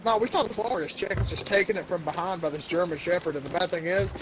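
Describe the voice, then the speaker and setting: High-voiced man telling crude stories. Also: fast talker. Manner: rambling storyteller, mimics voices, laughs a lot. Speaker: podcast host. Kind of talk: crude casual banter. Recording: noisy background.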